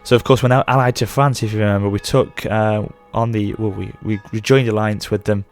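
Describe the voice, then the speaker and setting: Faint music plays behind a man's lowish, steady, brisk voice. He's a gaming channel host in his thirties giving chatty, rambling let's play commentary, regularly correcting himself partway through sentences.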